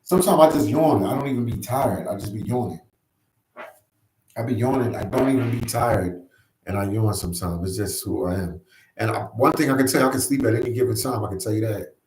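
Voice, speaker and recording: Casting: laid-back male livestream host, lowish voice, echoey room, chats loosely with viewers. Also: brisk, a little mellow, slight background noise. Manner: easygoing, repeats phrases, says "man" often. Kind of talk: casual live chat. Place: New York.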